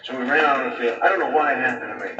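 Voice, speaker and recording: A man's voice: mid-range voice, rapid-fire, music in the background. Rambling male stand-up comic, far off. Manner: rambling, full of "you know". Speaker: comedian. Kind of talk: stand-up storytelling. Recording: distant, echoey, dull live recording.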